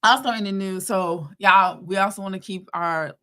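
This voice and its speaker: A woman co-hosting a casual faith and news chat, relaxed and talking straight to her listeners. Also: mid-range voice, normal speed. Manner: relaxed, talks straight to listeners, often says y'all. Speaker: co-host of a weekly faith and news show.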